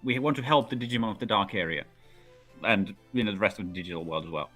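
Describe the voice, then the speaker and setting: Male player, lowish voice, halting in-character delivery, soft music behind. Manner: hesitant, stumbling. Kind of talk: casual tabletop play, speaking in character.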